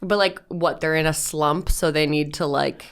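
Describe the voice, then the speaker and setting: A woman co-hosting a podcast in casual chat, opinionated and slangy, with an animated delivery. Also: sits low, moderate pace, clean tone. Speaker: podcast co-host.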